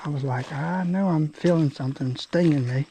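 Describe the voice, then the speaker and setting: A man's voice: fairly high pitch, moderate pace, warm tone, slight background noise. A man giving casual outdoor fishing commentary by a creek, folksy and talking to the fish. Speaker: fishing vlogger.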